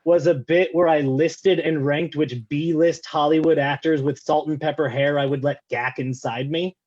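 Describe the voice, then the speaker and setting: A man's voice: on the high side, fairly even intonation, moderate pace, darkish tone. A man doing a stand-up set over a video call, self-deprecating and rambling with lots of filler words. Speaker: stand-up comedian. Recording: slightly dull lo-fi call audio.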